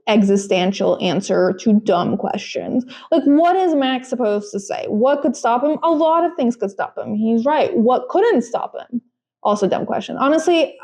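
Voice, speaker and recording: Young woman chatting on a podcast, kinda high voice, lots of likes and ums. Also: mellow. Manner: chatty, frequent fillers and restarts. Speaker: podcast co-host. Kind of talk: casual chat.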